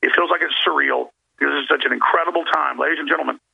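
A man with a gravelly, husky voice, a guest giving rambling, emphatic political commentary. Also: fairly high pitch, steady tone, very fast, muffled recording. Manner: rambling, emphatic, addresses listeners directly. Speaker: show guest.

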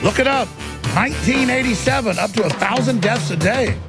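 A male talk show host in heated political talk, with a gravelly, raspy voice and rapid, insistent ranting. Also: extremely high pitch, lively intonation, over loud music.

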